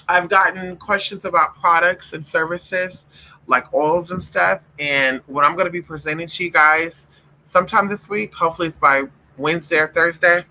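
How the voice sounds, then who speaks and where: A man with a very bright, sharp-edged voice that sits a little high for a man. He talks to his viewers in a loose, profane late-night vlog chat, calling them honey and y'all. He also coos at and scolds his puppies in a playful pet-talk voice. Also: low-quality recording. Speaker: vlogger.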